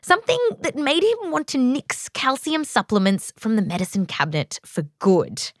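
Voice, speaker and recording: A woman's voice: on the high side, huge pitch swings, normal speed, no room sound, studio quality. A woman with an Australian accent hosting a science show, narrating from a script in a playful, wry way and interviewing a guest. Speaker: host.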